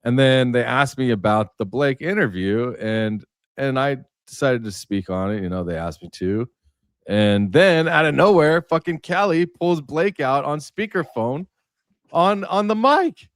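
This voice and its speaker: A man's voice: mid-range voice, moderate pace, no room sound, studio quality. A man hosting a casual livestream, telling stories in a rambling way with many fillers. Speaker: livestream host.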